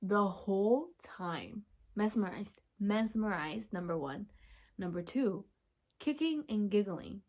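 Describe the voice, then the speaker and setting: A young woman hosting a podcast, chatting casually from home, gushing and chatty with sudden whispers and excited squeals. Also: mid-range voice, takes it slowly. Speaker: podcast host. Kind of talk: casual chat.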